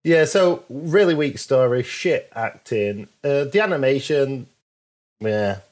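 A man's voice: mid-range voice, lively intonation, slow pace, a little mellow. A man co-hosting a casual chat, giving curt, blunt verdicts. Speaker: podcast co-host.

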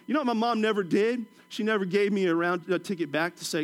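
A middle-aged man from Washington, D.C., preaching a sermon, telling stories with humorous asides and dropping to a soft, low voice for emphasis. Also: fast, few pauses. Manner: storytelling with humorous asides and chuckles.

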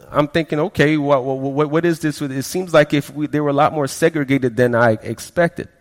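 A man with a slightly high voice preaches a personal testimony, speaking in a loose, storytelling way. He often catches on a word and repeats it before moving on. His voice rings out with a long reverb, as in a large hall. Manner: conversational storytelling, frequent stammered repeats, quotes people in quieter voices. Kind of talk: sermon testimony.

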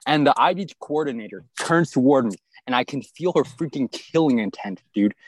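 A young man telling an exaggerated comic story from high school in a casual chat. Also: animated, normal speed, no room sound.

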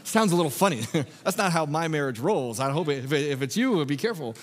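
A man's voice: a little high, lively intonation, fast talker, in a large hall. An American man preaching a sermon as pastor, conversational and jokey, often restarting his phrases.

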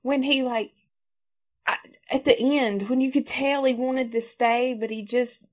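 A woman's voice: high-pitched, fairly even intonation, a little slow. A woman in her thirties co-hosting a casual podcast, swearing freely, laughing often and acting out quoted voices. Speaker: podcast co-host. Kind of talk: casual chat.

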